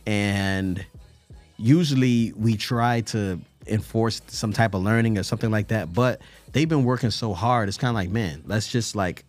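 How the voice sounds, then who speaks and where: A man from California co-hosts a casual podcast in a fairly low voice. He talks in a relaxed, laid-back way and drops casual slang. Faint music sits underneath. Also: moderate pace. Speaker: podcast co-host. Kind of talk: casual chat.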